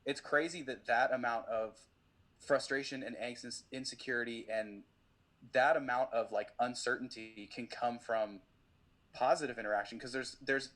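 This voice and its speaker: A man's voice: mid-range voice, steady tone, moderate pace, fairly bright tone. Young guy musician on a podcast, rambly casual talk. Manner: rambling, many "like" fillers. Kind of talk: casual conversation.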